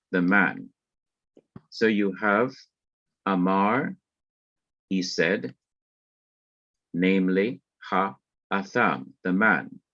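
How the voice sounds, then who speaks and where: A man's voice: lowish voice, a bit bright, dry recording. A man with a Jamaican accent teaching a beginner Hebrew class, explaining words and grammar step by step in a methodical way. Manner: slow, methodical, spells out terms. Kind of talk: classroom lecture. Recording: dull lo-fi, dry close sound.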